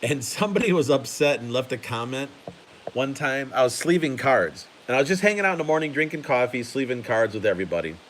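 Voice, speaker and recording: A man's voice: medium pitch, big pitch swings, quick pace, a bit bright, poor audio. A man hosting a casual card-collecting live stream, chatty and laughing often while he sorts cards at his table.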